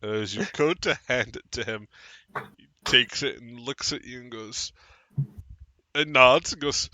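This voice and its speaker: A man's voice: medium pitch, measured pace, long pauses, bright, forceful tone, dry recording. A man narrating as game master of a tabletop role-playing session.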